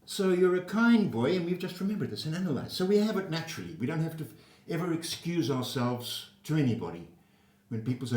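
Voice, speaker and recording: A fast-talking older South African man with a slightly high voice rattles off a rambling, crude personal story in a relaxed, animated manner. The mic is far away and the room echoes.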